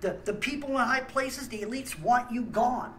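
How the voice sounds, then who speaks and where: A man's voice: very high voice, moderate pace, fairly bright tone, slight background noise, rough recording. A man, host of a small ministry channel, ranting angrily with blunt talk and stammered restarts. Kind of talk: angry ranting monologue.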